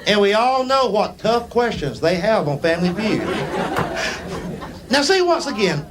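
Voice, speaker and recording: High, lively stand-up comic man. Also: measured pace. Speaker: stand-up comedian. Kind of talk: storytelling stand-up. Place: theater stage before a laughing audience. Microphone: stage microphone. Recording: live show with crowd laughter and noise.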